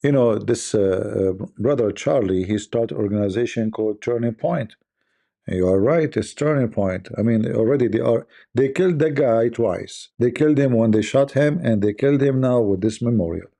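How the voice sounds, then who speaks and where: Scornful gravelly-voiced male commentator. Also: mid-range voice, moderate pace, mellow. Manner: scornful, rhetorical questions, repeats himself. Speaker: online commentator. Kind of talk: casual live-stream commentary.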